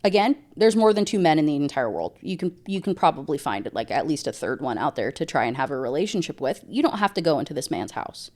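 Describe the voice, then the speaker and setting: A woman's voice: on the low side, lively intonation, fairly quick, darkish tone. A woman ranting through a book review, sarcastic and exasperated.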